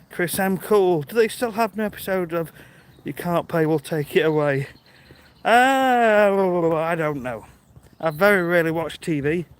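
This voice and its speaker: British man, high voice, chatty, greets viewers, walking outdoors, phone mic. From Britain. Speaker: livestreamer. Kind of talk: casual live-stream chat while walking. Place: outdoors on a rural walk.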